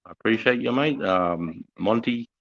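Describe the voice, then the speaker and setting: A man's voice: on the low side, animated, moderate pace, gravelly, a bit bright, dull audio. An Australian man hosting a live stream, telling army stories in a crude, profane, laughing way. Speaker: livestream host. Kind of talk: casual storytelling chat.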